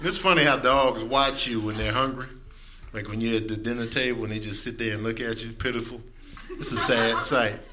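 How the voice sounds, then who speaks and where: A man's voice: fairly even intonation, brisk, background noise. A man doing a stand-up set in a club with a laid-back delivery. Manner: laid-back, drifting into high-pitched animal voices. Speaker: stand-up comedian.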